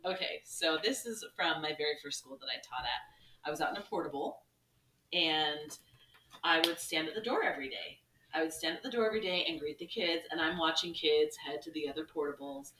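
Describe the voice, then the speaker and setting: A woman in her thirties, a podcast co-host and former teacher, telling classroom stories in casual chat and acting out the shouted lines. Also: low voice, a little fast, echoey room, distant mic, slight background noise, rough recording. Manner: animated, acts out shouted quotes.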